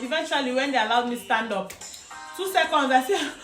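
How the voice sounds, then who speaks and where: Animated Nigerian woman telling a story. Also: high-pitched, brisk. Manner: animated, laughing, mixes in pidgin. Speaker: vlogger. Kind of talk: casual storytelling. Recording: echoey room with music behind.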